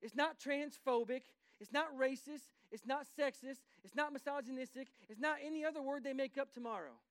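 A man's voice: extremely high pitch, a little fast, no room sound. A man preaching a sermon to his congregation in bursts of rising emphasis, with asides to the room. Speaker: pastor.

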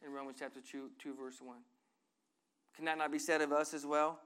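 A middle-aged man preaching a sermon as pastor, earnestly reading scripture and moving between loud and soft passages. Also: a little high, little pitch movement, normal speed, clear, resonant tone.

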